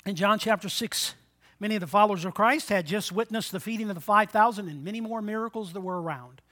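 Dynamic preacher in his sixties, bright. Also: fast talker. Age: 60s. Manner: dynamic preaching, swinging between loud exhortation and quiet, low asides; call-and-response with the congregation. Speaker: pastor. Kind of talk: sermon.

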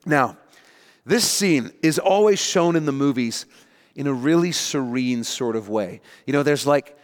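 A man preaching a sermon, telling the story with lively, animated delivery. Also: medium pitch, unhurried, long reverb tail. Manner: animated storytelling, acting out panicked voices. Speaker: pastor.

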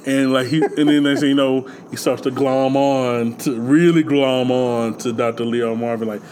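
A man chatting casually about a film, animated and acting out lines with big jumps in his voice. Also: mid-range voice, moderate pace, few pauses, slight background noise, rough recording. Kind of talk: casual movie chat.

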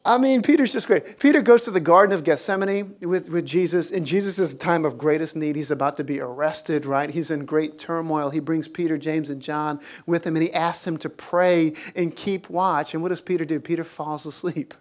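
A pastor preaching a sermon in a church, telling stories with big swings in pitch and frequent laughter, then slowing to speak quietly to the congregation. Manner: animated storytelling, lively pitch swings.

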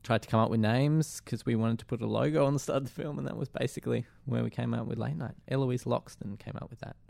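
A man, a filmmaker guest, explaining in quick, matter-of-fact casual chat. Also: medium pitch, fairly even intonation, vocal fry, a little mellow, no echo.

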